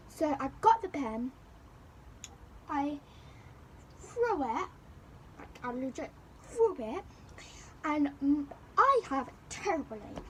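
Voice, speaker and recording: Speaking straight to camera, a young vlogger with a bright, high voice tells a story from school in a storytime chat. She talks slowly with long pauses, rambling and repeating phrases in an animated retelling. A steady wash of background noise runs underneath.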